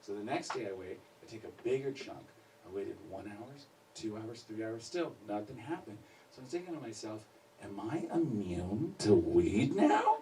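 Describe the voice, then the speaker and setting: A man doing a stand-up set in a comedy club, telling a story and acting out quotes loudly. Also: lowish voice, normal speed, a little hiss or hum. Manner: animated storyteller, acts out panicked quotes loudly. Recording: live club recording, slightly distant.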